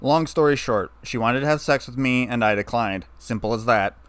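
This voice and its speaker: Brief: young man, dry and sarcastic, flat tone, as the reader plays him, mid pitch, close dry sound. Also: normal speed, clean tone, dry recording, natural voice. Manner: wry, flat, turning bitter.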